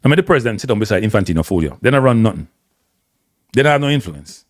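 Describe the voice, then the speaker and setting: A Jamaican man talks on a live stream, blunt and opinionated, his pitch jumping up and down as he gets worked up. He swings between thick patois and standard English. The sound is close and dry, with hardly any room around it. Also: very animated, rapid-fire, no room sound. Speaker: host. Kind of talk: casual live-stream commentary.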